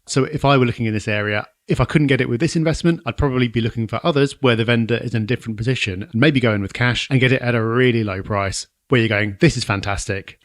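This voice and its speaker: Fast-talking southern English man, dry mic. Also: medium pitch, no room sound. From southern England. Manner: brisk and decisive, runs the numbers. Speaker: podcast co-host. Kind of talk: casual podcast discussion.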